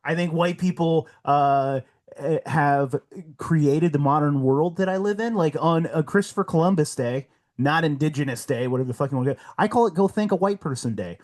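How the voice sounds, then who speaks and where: A man talking on a casual podcast, his voice sitting a little high. He is blunt and heated, swears constantly and hammers each point home. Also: normal speed, a little mellow. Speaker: podcast guest.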